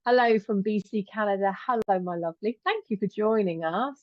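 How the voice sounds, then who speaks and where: A woman's voice: medium pitch, fairly quick, dry recording, dull audio. A middle-aged woman hosting a live stream, chatting affectionately as she greets viewers and calls them "my lovely". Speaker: host and angel teacher.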